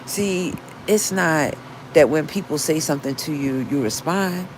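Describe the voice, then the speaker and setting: A woman's voice: low-pitched, unhurried, background noise. A woman, talking on her livestream in an earnest, repetitive way, restarting often and citing scripture. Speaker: livestream host. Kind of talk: casual livestream talk, preaching.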